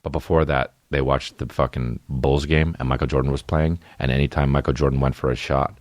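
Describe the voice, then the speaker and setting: A man's voice: extremely low pitch, flat delivery, fairly quick, no room sound. A man in his late thirties from New Jersey, telling comedic stories as a podcast host in a profane, rambling way. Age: 30s. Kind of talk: comedic storytelling.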